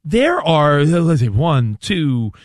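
A man hosting a sports talk show, chatting in an animated, rambling way. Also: a little high, takes it slowly, no room sound, studio quality. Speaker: sports radio host.

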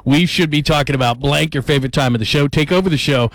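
A man hosting a sports talk radio show, upbeat and brisk as he invites callers. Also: a little high, no room sound. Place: radio studio. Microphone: studio microphone.

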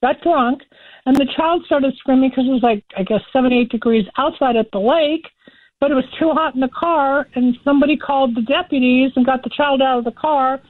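A woman's voice: high-pitched, brisk, no room sound. A chatty woman from the Los Angeles area, telling odd news stories on a call and laughing at her own jokes. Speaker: guest commentator. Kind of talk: casual phone-in chat. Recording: tinny phone line.

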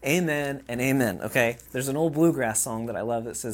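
A man's voice: medium pitch, a little fast, hardly any pauses. Conversational male preacher. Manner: conversational, checks in with "okay?". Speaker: pastor. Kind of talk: sermon.

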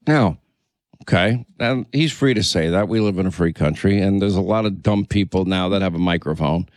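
A man's voice: low-pitched, moderate pace, darkish tone, no echo. A man hosting a talk radio show, indignant and repeating phrases for emphasis.

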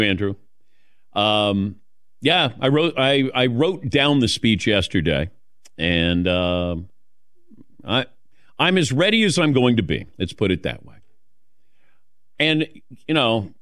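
A man's voice: medium pitch, a bit bright, clean tone, dry recording, clean studio sound. A male radio host in casual on-air talk, rambling with many fillers and restarts.

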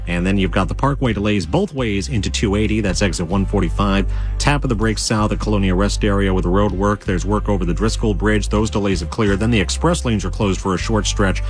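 A man reading a radio traffic report, briskly listing road conditions. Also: fairly low pitch. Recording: radio report over music bed.

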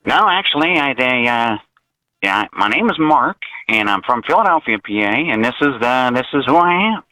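A man calling in to a talk show, speaking in an exaggerated put-on voice with slow, drawn-out, taunting delivery. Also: medium pitch, very animated, pushed and bright, dry recording, low-quality recording. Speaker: caller. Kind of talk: phone-in call to a talk show.

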